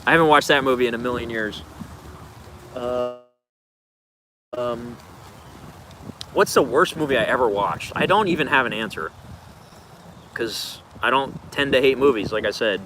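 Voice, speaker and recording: A man with an ordinary mid-range voice chats loosely through viewer questions on a livestream, drifting from thought to thought with plenty of filler words. His voice sits over a steady hiss of background noise. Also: mid-range voice, normal speed, pauses often, low-quality recording. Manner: rambling, laid-back, loose filler words. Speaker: streamer answering viewer questions. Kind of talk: casual livestream Q&A.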